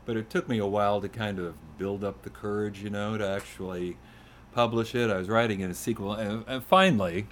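Low-voiced man reading his poetry. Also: steady tone, a little fast, slight background noise. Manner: conversational, self-deprecating, gently humorous. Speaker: poet reading his work. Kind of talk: poetry reading to a live audience.

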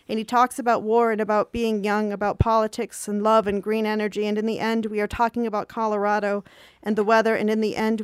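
A woman in her thirties reading her own diary entries aloud in a calm, measured, reflective way. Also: mid-range voice, clear, resonant tone, no echo, studio quality. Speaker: reader of her own journal.

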